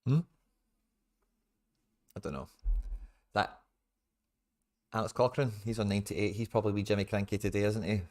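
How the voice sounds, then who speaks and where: A young Scottish man hosting a football watch-along, ranting and swearing in exasperation with sudden loud outbursts, speaking into a desk mic. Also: on the low side, steady tone, normal speed, pauses often. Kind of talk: live match watch-along chat.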